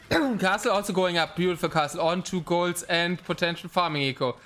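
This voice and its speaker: A high-pitched man with a bright, sharp voice casts a live esports match. He gets excitable and rambles along with frequent ums between calls. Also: moderate pace. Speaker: game caster.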